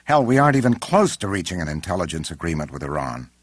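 A man's voice: low voice, sing-song, fast talker, slightly rough, no room sound, clean studio sound, exaggerated voice. A man doing a brusque older president. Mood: indignant. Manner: brusque, raised voice, exasperated. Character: irritable older male president, commanding.

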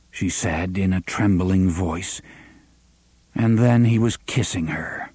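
Husky low-voiced male narrator. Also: slow, darkish tone, no echo. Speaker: audiobook narrator. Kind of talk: scripted narration.

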